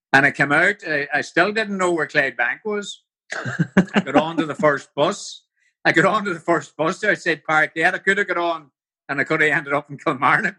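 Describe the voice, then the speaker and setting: A man's voice: medium pitch, sharp tone. An older man with a Northern Irish accent, telling stories as an interview guest, rambling and full of "you know". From Northern Ireland. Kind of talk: casual storytelling.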